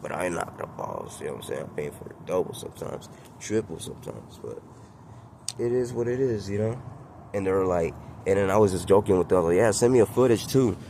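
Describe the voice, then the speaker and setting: A man's voice: sits low, animated, a little fast, creaky, dark tone, a little hiss or hum. A man talking casually to his camera outdoors by a condo pool, boastful and full of street slang, chuckling as he goes. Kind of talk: casual vlog monologue.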